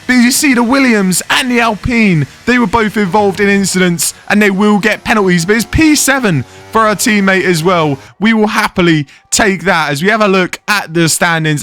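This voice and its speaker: A man commentating his own racing game play-by-play in an excitable, fast-moving way. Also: sits high. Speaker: gaming YouTuber commentating his own race. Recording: faint game music behind.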